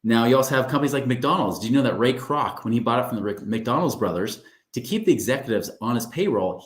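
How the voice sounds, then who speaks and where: A man's voice: fairly low pitch, echoey room. A man who coaches on money, giving a webinar in an upbeat, conversational way and often checking in with his listeners. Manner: upbeat, conversational, often asks "right?" and says "guys". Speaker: financial coach. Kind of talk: webinar presentation.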